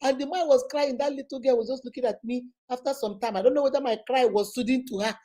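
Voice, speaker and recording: A Nigerian woman in her forties with a Nigerian accent, hosting and telling a personal story in an animated, dramatic way with frequent laughter. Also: sits high, fast talker. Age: 40s. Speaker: host. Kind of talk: storytelling to viewers.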